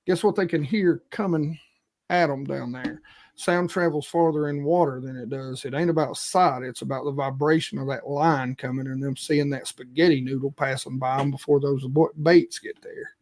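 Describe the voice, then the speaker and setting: A man hosting a live fishing stream, talking casually and emphatically about tackle with his guests. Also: medium pitch. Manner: folksy, emphatic, quick asides. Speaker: fishing show host.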